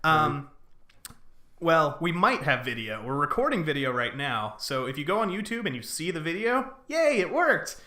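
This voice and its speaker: Chatty dude cohosting a podcast, kinda high bright voice that jumps all over. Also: male voice, big pitch swings. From American South. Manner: chatty and upbeat, quick to laugh. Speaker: podcast co-host. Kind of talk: casual podcast chat. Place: small home podcast studio.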